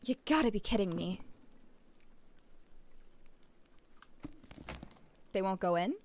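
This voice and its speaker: A woman reading aloud the lines of a weary, sarcastic young woman game protagonist, in a dry, quiet, grumbling voice. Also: medium pitch, expressive, quick pace, a little hiss or hum, lightly acted. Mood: irritated.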